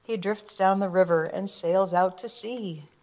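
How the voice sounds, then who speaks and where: A woman reading a rhyming picture book aloud in a rhythmic, expressive way. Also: mid-range voice, measured pace. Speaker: storybook reader.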